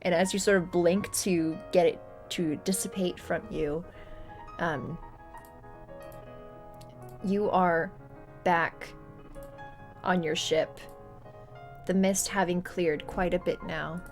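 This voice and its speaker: A young woman narrating a tabletop game as game master, relaxed, with frequent ums and laughs. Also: on the low side, slow, pauses often, over music.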